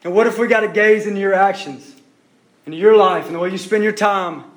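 In an echoey room, a man preaches a sermon in a high-pitched, fairly quick voice. He is emphatic and repeats his phrases, then drops to hushed questions aimed at his listeners.

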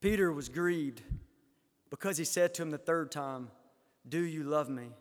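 A man preaching a sermon, rising loud when quoting scripture and dropping low for his own comments. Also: measured pace. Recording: long hall reverb.

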